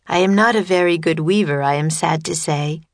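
A woman voicing a kind, bold teenage girl from the sea who speaks in a gentle, formal way. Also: sits low, brisk, dry recording, studio quality.

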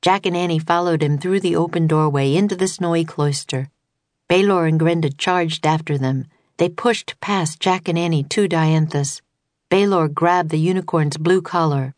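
A woman reading a children's storybook as an audiobook, in calm, even narration. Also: low voice, moderate pace, no room sound. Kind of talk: scripted narration.

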